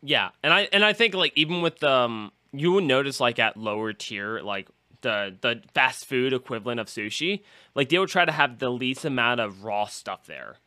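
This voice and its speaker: A man's voice: medium pitch, animated, moderate pace, bright, forceful tone, dry recording, clean studio sound. A man hosting a podcast, rambling through a story about his busy day and acting out the quotes. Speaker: podcast host. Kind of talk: casual podcast chat.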